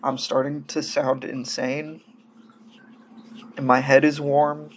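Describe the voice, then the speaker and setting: A man's voice: mid-range voice, level tone, slow pace, a little hiss or hum. A man casually gushing and rambling through hobby news in a vlog, coming down with a cold and sounding feverish. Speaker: doll-hobby vlogger.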